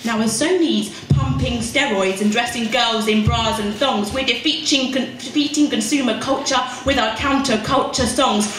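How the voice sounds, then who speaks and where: A woman's voice: on the high side, normal speed, few pauses, music in the background. A young woman performing her spoken word poetry at a pub open mic, with rhythmic, emphatic delivery. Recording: echoey room recorded from far off.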